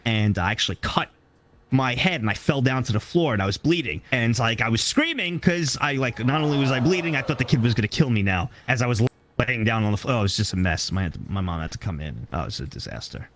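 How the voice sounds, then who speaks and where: A young man who is a guest on an interview stream, rambling through stories and repeating himself. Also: on the low side. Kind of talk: casual interview chat.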